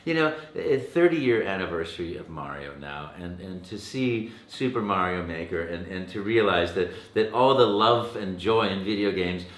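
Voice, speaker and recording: Lively storytelling man, somewhat low voice. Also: moderate pace, few pauses, roomy sound. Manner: animated, acts out quotes, many restarts. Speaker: voice actor guest. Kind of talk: casual interview storytelling.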